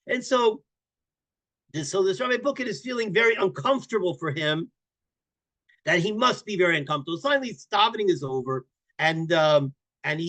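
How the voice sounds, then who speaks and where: Teaching a Torah class, a rabbi with a voice on the high side tells stories animatedly. He repeats words and breaks into bursts of loud emphasis.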